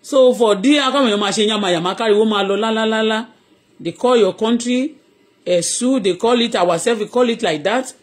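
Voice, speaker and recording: Her voice runs a little high and fairly quick. A middle-aged Yoruba-speaking Nigerian woman, she hosts a live audio blog, launching into a heated, rambling rant of impassioned commentary that moves between Yoruba and English.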